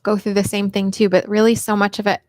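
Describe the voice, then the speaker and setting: A woman's voice: medium pitch, level tone, fast talker, darkish tone, no echo, studio quality. A middle-aged woman hosting a casual live Q&A stream on her own mic, chatty and upbeat, greeting viewers by name. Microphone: personal microphone.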